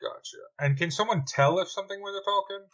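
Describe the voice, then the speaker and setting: A man at a tabletop game jokes and teases the others in a slightly higher voice. His mic sounds dull and muffled, like cheap home gear. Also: fast, a bit bright. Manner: joking, mischievous. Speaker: player. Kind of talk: casual chat at a tabletop game.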